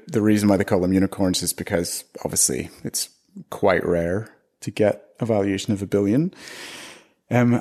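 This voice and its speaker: A man's voice: fairly low pitch, warm tone. A man in his thirties from Northern Ireland with a Northern Irish accent, chatting casually as an interview guest and laughing often.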